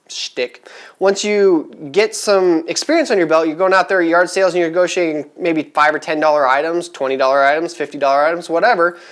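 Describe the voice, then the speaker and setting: A man talking casually to camera in a vlog, chatty and rambling with many fillers, upbeat and eager. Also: fairly high pitch. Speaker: vlogger giving resale advice.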